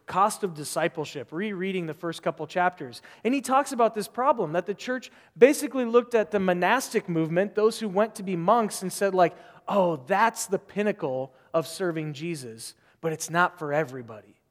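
High-voiced preacher in a reverberant hall. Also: male voice, a little fast. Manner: conversational, rambling with asides and rhetorical questions. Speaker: pastor. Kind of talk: sermon.

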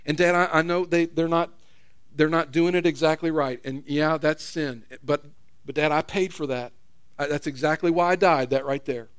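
Jesus as a tender, halting son played by a high-voiced male preacher. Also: steady tone, smooth, close to an everyday voice. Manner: soft, heartfelt, halting pleas. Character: Jesus, gentle grown son pleading with his father.

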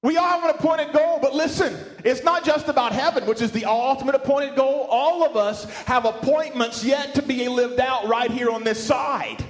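A male pastor preaching a sermon, animated, often restarting words and asking his congregation questions. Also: very high voice, normal speed, few pauses, reverberant, faint music behind. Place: church sanctuary with speakers.

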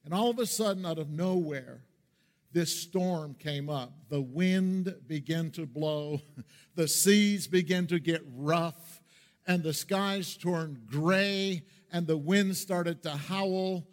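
A man from Pennsylvania, a pastor, preaching a sermon and telling a story in an earnest way, slowing down for the dramatic parts. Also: a little high. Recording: long reverb of a large hall.

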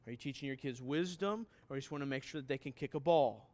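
A man's voice: medium pitch, fast, few pauses, a little mellow. A man preaching a sermon as pastor, emphatic and putting questions straight to his listeners.

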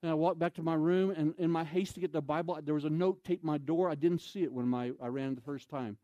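A man's voice: fairly high pitch, steady tone, brisk, warm tone, no echo, muffled recording. A man preaching a storytelling sermon, acting out scenes and throwing questions to his audience.

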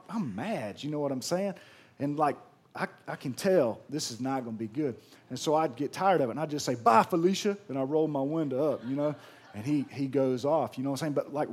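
With a husky voice on the higher side, this male pastor tells his congregation a story during a sermon. His delivery is animated, homespun and conversational, peppered with slangy turns of phrase.

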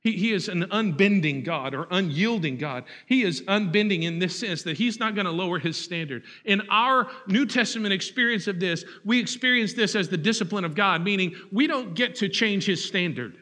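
A man in his thirties, a pastor preaching an animated sermon that swings from loud to hushed. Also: high voice, normal speed, hardly any pauses, in a large hall.

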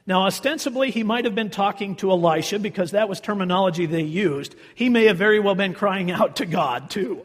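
A man delivers a sermon as pastor, his slightly raised voice carrying a husky edge. He tells the story with animation and gives the quoted people voices of their own. A long reverb trails behind him, as in a large hall. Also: high voice, lively intonation, fairly quick.

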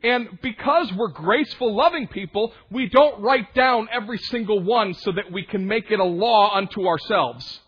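A young man preaches in a chatty, conversational sermon, slipping into quoted voices and side remarks. His voice sits high and a bit husky. The recording is dull and lo-fi. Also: normal speed, hardly any pauses. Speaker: young adult minister.

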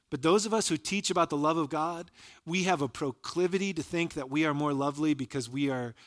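A pastor delivers a sermon, earnestly retelling stories from scripture and letting his voice go soft and low for the quoted lines.

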